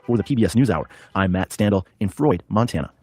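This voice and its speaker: A man's voice: lowish voice, expressive, fast, over loud music. A man reporting a news segment in a scripted narration.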